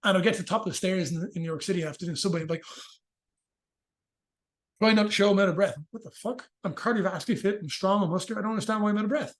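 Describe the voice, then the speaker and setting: A man explaining breathing physiology in a casual interview, fast and joking, with frequent swearing. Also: high-pitched. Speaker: movement and rehabilitation practitioner, guest.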